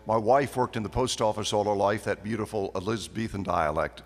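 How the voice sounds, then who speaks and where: A guest speaker with a lowish voice delivers a folksy after-dinner speech full of anecdotes, talking fairly quickly with few pauses. Lively and animated in his storytelling, he is heard in an echoey banquet hall.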